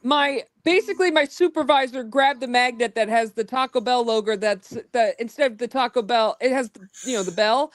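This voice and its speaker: A woman's voice: on the high side, fairly quick, few pauses, no echo. Dry-humored young woman, close mic. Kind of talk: casual chat.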